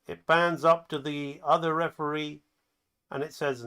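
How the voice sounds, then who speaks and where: A man's voice: fairly high pitch, a little slow, clean tone. A man who teaches animation talks through his own animatic in a loose, chatty way, calling the action play by play. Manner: lively, excited commentary that acts out the scenes; loose, chatty, with fillers and restarts. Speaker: animation instructor.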